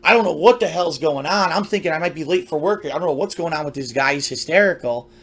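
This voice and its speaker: A high-voiced man tells a story from his past in a loose, rambling monologue. He talks conversationally, circling back with restarts and side remarks as he goes. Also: animated, fast, fairly bright tone. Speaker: storyteller recounting his youth.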